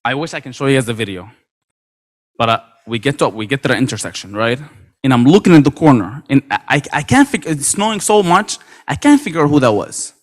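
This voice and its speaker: A man giving an energetic motivational talk at a convention, acting out quoted dialogue with lots of repetition. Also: medium pitch, quick pace. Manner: animated, acts out quoted dialogue, many repetitions. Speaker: motivational speaker. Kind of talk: energetic storytelling speech. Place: convention stage.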